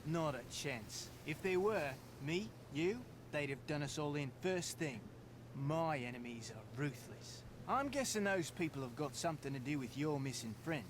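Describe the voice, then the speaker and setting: A wary Australian man on the run, as an actor plays him in a video game, guarded and casual with slang. His voice sits a little high for a man, with a clear hiss of noise behind it. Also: lively intonation, moderate pace, lightly acted. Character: shifty Australian man posing as Jamaican. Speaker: game character.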